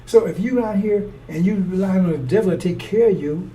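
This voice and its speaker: Blunt, profane preacher, distant mic. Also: male voice, high-pitched, a little fast, warm tone. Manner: blunt, profane, rambling, with acted-out quotes. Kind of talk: fiery street-style sermon. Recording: distant mic with faint noise.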